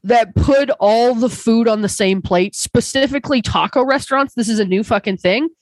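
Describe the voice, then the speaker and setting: Woman comedian guest, animated anecdote delivery, close dry podcast mic. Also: on the high side, normal speed, no echo, rough recording. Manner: animated storytelling, swearing, acting out exchanges. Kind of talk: casual podcast chat.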